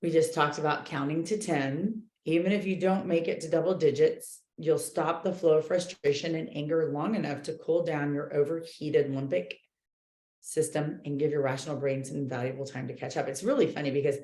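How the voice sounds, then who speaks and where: A woman coaching a book club group, talking in an animated, chatty way with many fillers. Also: low voice, moderate pace, reverberant. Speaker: real estate coach leading a book club. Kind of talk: casual group talk, reading and commenting.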